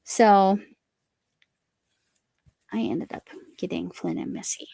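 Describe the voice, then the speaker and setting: A woman's voice: medium pitch, steady tone, slow pace, gravelly, warm tone, husky, no echo. A woman hosting a casual live chat while she crochets, reading viewer comments aloud and talking to her cat. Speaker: livestream host.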